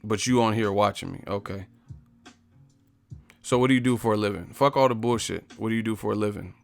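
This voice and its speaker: A man's voice: on the low side, fairly quick, vocal fry, soft background music. A man hosting a live stream, confrontational and profane as he roasts the commenters in his chat. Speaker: livestream host.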